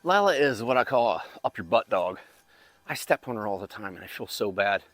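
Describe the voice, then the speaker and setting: This man's voice sits on the low side, brisk and a bit bright, with lively intonation and no room sound. Hosting a home gardening channel, he rambles casually and chats while digging outdoors in his backyard garden.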